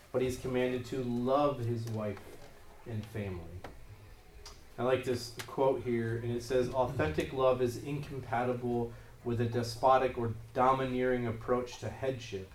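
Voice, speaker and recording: A man's voice: medium pitch, fairly even intonation, normal speed, a little hiss or hum. A man preaching a sermon, pressing his points with emphatic rises in force. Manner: emphatic, rising in force on key phrases. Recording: roomy echo, voice from a distance.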